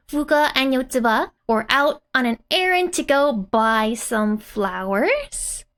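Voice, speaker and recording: Explaining manga dialogue in a relaxed lesson, a woman speaks in a high-pitched, fairly bright voice. She giggles a lot, keeps things chatty, and says "like" constantly.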